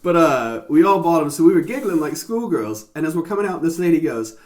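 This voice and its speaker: This man's voice sits fairly high, expressive and a little fast with a darkish tone, as he chats casually on a podcast. His stories meander and are thick with profanity.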